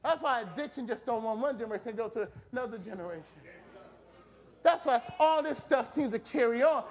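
A man preaching a fervent sermon in a church, shouting and repeating phrases. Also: extremely high pitch, animated, a little fast.

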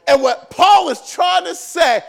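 High-voiced, gravelly preaching pastor. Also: male voice, lively intonation, measured pace. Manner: shouting, emphatic preaching with repetitions. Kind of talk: sermon.

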